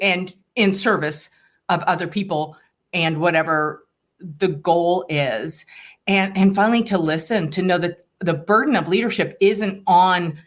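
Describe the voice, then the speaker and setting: A woman with a slightly low voice hosts a podcast interview. She speaks in a measured, deliberate way, weighing each phrase as she sums up her guest's ideas. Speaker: podcast host. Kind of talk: interview host summarizing.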